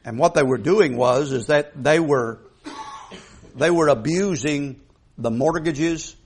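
A man's voice: fairly high pitch, slow, slight background noise. A man preaching a sermon in a folksy, emphatic way, putting questions to the congregation.

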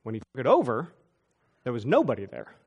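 A man preaching a sermon, telling church stories with quick asides and chuckles. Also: mid-range voice, gravelly, husky, dull audio. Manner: animated storytelling with asides and chuckles. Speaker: pastor. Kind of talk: storytelling sermon.

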